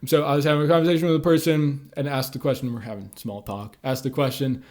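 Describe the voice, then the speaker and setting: Man, mid pitch, laid-back explainer who leans on "like" and "uh" and talks to camera. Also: steady tone, fast talker, a little mellow. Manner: loose and conversational, many "like" and "uh" fillers. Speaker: communication tips creator. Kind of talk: casual instructional talk to camera.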